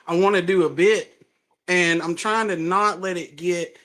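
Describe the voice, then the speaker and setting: Southern male comic, high and bright, lively anecdotes with acted-out quotes. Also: measured pace. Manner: animated storytelling, laughs often, acts out quotes. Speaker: stand-up comedian, guest. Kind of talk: casual chat.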